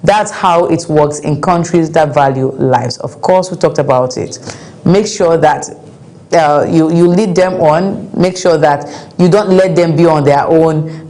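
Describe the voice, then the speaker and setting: A woman's voice: low voice, fairly even intonation, measured pace, mellow. Exasperated woman commentator. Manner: emphatic, exasperated, repeats points. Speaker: news commentary host. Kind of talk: casual commentary on news and viewer comments.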